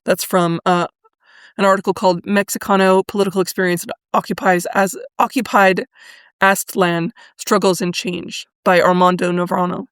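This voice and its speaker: A woman hosting a solo history podcast, talking in a thoughtful, conversational way, with fillers and pauses now and then. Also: on the low side, fairly even intonation, clear, resonant tone, dry recording, studio quality. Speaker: podcast host.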